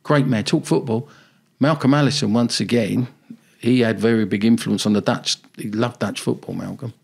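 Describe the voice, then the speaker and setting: A man's voice: medium pitch, steady tone, normal speed, gravelly, darkish tone, slightly rough. An older man, a former football manager, telling rambling anecdotes in a casual interview.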